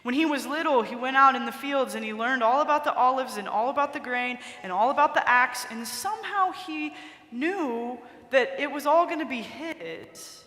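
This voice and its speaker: Woman preacher, casual storytelling sermon, high bright voice, big echoey cathedral. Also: moderate pace. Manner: conversational storytelling, expressive. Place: large cathedral.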